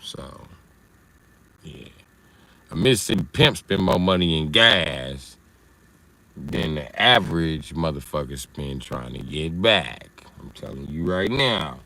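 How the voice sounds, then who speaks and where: A man's voice: rumbling low, lively intonation, slow, pushed and bright. A man hosting a livestream, riffing through a loose, profane comedic rant and answering chat. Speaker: livestream host.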